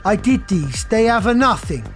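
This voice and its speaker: A man plays a ragged, desperate father who pleads for help in frantic bursts. The voice climbs high and loud, with a sweeping, anxious rise and fall. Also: sing-song, normal speed, soft background music. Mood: pleading. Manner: frantic, begging.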